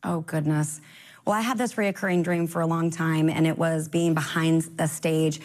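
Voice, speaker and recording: A woman with a slightly low voice tells her faith story in an easy conversational way. She is earnest and encouraging, and her voice leaps high whenever she acts out what someone said. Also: moderate pace. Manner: animated, acts out quoted dialogue with sudden high pitch jumps. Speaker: guest. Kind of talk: casual faith testimony.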